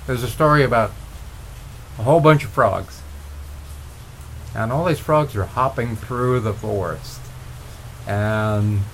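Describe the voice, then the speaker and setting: A middle-aged man at a mid pitch, telling motivational stories. He talks in a relaxed, rambling way with restarts, and there is a faint hum behind him. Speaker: motivational speaker. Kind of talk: motivational storytelling.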